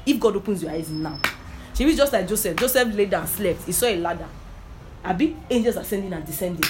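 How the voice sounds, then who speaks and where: A woman's voice: medium pitch, expressive, brisk, over music. A woman giving an informal sermon with personal testimony. She repeats herself for emphasis and keeps checking that listeners understand. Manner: repetitive, emphatic, often asks if listeners understand. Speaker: preacher.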